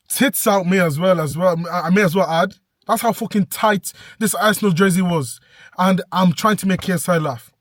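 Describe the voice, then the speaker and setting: A young man telling an animated, breathless story in a vlog rant, bursting into shouts now and then. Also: high-pitched, no echo, clean studio sound. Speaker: vlogger.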